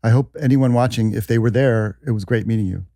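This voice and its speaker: A man as a podcast guest, chatting casually with dry, deadpan humor. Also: mid-range voice, a little fast, no room sound. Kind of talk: casual chat.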